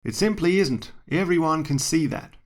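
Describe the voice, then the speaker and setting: A man voicing a loud, aggressive flat-earth heckler who speaks in a put-on accent and accuses the listener. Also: a little high, moderate pace, vocal fry, voice pushed up. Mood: accusing.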